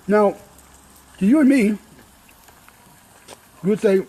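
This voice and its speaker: High-voiced man giving a casual Torah talk. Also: slow pace, pauses often, dark tone, breathy edge, rough recording. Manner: conversational, many restarts and asides. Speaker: Torah teacher. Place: outdoors by a grill.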